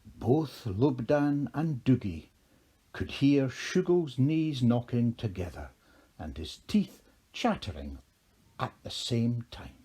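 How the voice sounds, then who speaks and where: A man narrating a children's storybook in a measured, expressive way. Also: mid-range voice, breathy edge.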